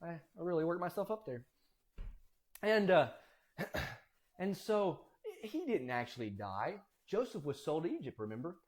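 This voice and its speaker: A man casually telling Bible stories, animated and acting out voices. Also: on the high side, a little slow. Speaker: storyteller.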